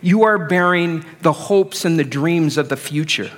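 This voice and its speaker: A man's voice: on the high side, a little slow. A middle-aged man preaching a sermon as pastor, conversational and self-deprecating.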